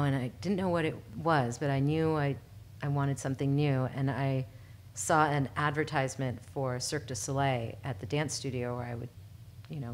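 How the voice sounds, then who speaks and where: Low-voiced woman telling stories. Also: slight background noise. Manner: animated, laughs often, acts out quoted people. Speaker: podcast guest, performer. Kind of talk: casual storytelling chat.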